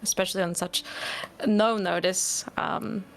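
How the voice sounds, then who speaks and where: A woman's voice: mid-range voice, fairly even intonation, measured pace, vocal fry, soft background music. A woman player speaking formally and courteously in character during a tabletop game.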